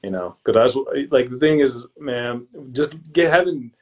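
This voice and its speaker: A young man who is a podcast guest and real estate investor, chatting casually and telling lively stories in relaxed, slangy speech. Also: mid-range voice, moderate pace. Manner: relaxed and slangy, calls the hosts "bro"; lively storyteller who acts out his own past lines. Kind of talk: casual interview chat.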